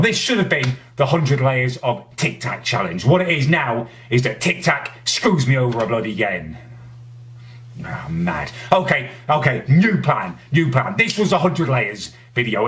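An indignant man rants straight to camera in a comedic vlog. His voice is bright and forceful, and his pitch swings widely as he works himself up. He peppers his complaints with mild swearing. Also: big pitch swings, moderate pace, slight background noise. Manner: indignant, ranting, swears often. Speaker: vlogger host.

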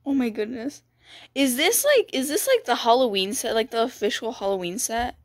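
Young female gaming creator: bright high voice that swoops all over, gasps, gushes, dry close sound. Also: normal speed, dry recording. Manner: gushing and excitable, gasping, repeating "dude" and "bro". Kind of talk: excited game walkthrough commentary.

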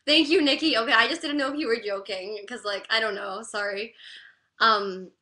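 A crying woman talking haltingly and apologetically on a live stream, full of "like" fillers. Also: a little high, sharp tone. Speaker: livestreamer reading chat.

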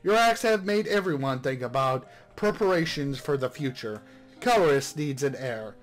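A man voicing a widowed royal father giving measured, lecturing advice to his daughter. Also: mid-range voice, lively intonation, faint music behind, lightly acted. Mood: stern. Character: stern royal father, widowed noble lord.

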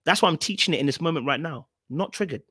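A man's voice: expressive, fast talker, pushed and bright, breathy edge, no room sound, clean studio sound. A male host commenting on a clip, talking straight to his chat and repeating his points. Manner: repeats phrases, talks to chat directly; mocks others in high exaggerated voices. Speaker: podcast host reacting to a clip. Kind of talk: live-stream commentary.

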